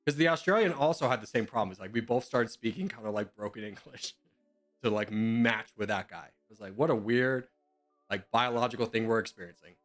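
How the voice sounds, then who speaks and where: A man's voice: fairly low pitch, brisk, a bit bright, faint music behind. A young man chatting casually in voice chat while gaming, joking and sarcastic. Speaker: gamer in voice chat.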